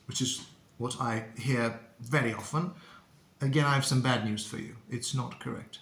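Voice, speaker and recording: A man teaching English pronunciation to camera, speaking deliberately and repeating words for learners to copy. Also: mid-range voice, creaky, fairly bright tone. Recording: echoey room.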